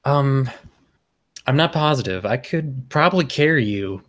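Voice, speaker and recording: A man's voice: mid-range voice, expressive, unhurried, fairly bright tone. A man playing a tabletop role-playing game, easygoing and speaking in character. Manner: easygoing, laughs often. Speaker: player.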